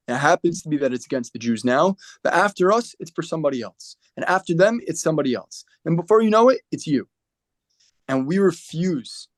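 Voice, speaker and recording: A man's voice: medium pitch, darkish tone, no room sound. Man with a defiant, emphatic speech. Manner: emphatic, defiant, repeats for force. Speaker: speaker for a lone soldiers group. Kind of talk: impassioned talk on a video call. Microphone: video call.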